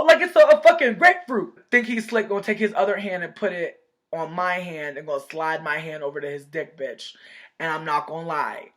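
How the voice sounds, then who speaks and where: Bright-voiced woman telling a rowdy story. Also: mid-range voice. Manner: animated, profane, drops into quoted voices. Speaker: vlogger. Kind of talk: casual storytime.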